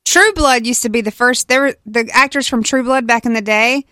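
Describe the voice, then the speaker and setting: A woman's voice: fairly high pitch, steady tone, brisk, sharp tone, no room sound, clean studio sound. A woman co-hosting a morning radio show, playful and full of questions.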